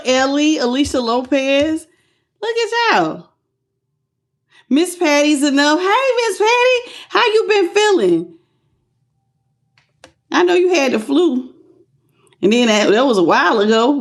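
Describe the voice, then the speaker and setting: A woman hosting a live tarot reading, greeting viewers by name in a playful, affectionate way, calling them baby and boo, laughing often and stretching out her greetings. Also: high voice.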